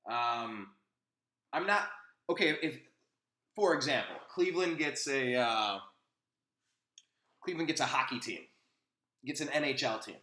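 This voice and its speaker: A man's voice: mid-range voice, animated, a little slow, long pauses, pushed and bright, echoey room. A man hosting a casual opinion chat, telling a rambling anecdote with frequent restarts. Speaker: host.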